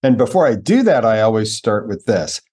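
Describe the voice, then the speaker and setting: Animated man telling stories, husky voice. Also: lowish voice. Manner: animated storyteller, slows down for emphasis. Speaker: podcast host. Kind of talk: conversational interview.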